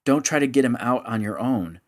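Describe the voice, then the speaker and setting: A man's voice: medium pitch, lively intonation, fairly quick, lightly acted. A man voicing a worried young woman who cares for the injured hero. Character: young woman Gloria Jane, anxious and caring.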